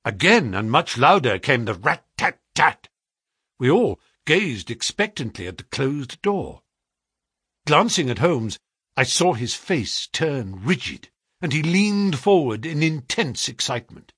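A man's voice: medium pitch, sing-song, measured pace, a bit bright, breathy edge, dry recording. A man reading a story aloud as narrator, telling it in a dramatic, tension-building manner on a close dry mic. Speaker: audiobook narrator. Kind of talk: scripted narration.

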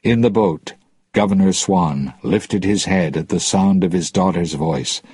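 A man narrating an audiobook in a slow, deliberate, plain reading. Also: sits low, dark tone, breathy edge, no echo.

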